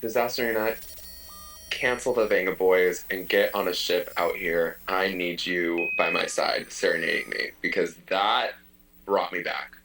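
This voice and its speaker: Low-voiced man in a comedy sketch. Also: measured pace. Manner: earnest, mock-emotional. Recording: noisy home recording. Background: steady noise.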